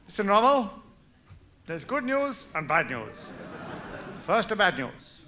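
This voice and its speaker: Guy doing a pompous comic german dictator w/ a thick fake accent, lots of swooping pitch. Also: big pitch swings, takes it slowly, bright, forceful tone, full character voice. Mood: mock-stern. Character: pompous blustering German dictator, man, mock-heroic. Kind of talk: stand-up sketch impression. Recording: noisy live recording.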